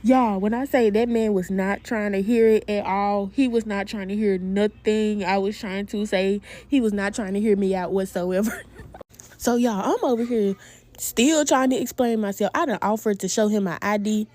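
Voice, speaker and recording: A woman telling a dating story to her viewers in a casual storytime vlog, animated and laughing as she talks straight to them. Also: mid-range voice, moderate pace.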